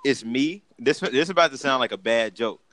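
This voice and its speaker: A man co-hosting a casual podcast, telling stories in an animated way and often breaking into laughter. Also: medium pitch, a little fast, slight background noise. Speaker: podcast co-host.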